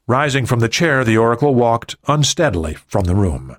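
A man reading a thriller audiobook in steady scripted narration. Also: mid-range voice, moderate pace, no echo, clean studio sound.

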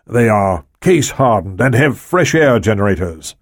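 A man's voice: lowish voice, sing-song, moderate pace, dry recording. Man reading as a pleading spy chief, urgent, audiobook, dry.

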